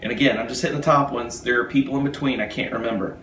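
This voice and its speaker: A man telling a personal anecdote in a casual, animated way, acting out the people in it. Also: mid-range voice, racing, a little hiss or hum. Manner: animated, acts out the people in his story. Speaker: storyteller. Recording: roomy echo.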